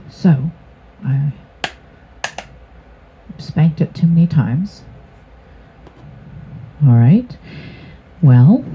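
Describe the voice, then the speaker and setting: A woman with a deep voice gives a casual tarot reading to her channel, rambling and hesitating with many fillers. The recording sounds tinny, like a phone, with slight background noise.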